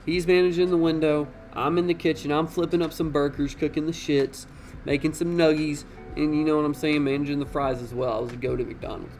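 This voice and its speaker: A young man tells a story in a casual, slangy way and swears freely. His voice is gravelly and sits a little high. He is animated and talks like he is chatting with friends. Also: a little fast, faint music behind.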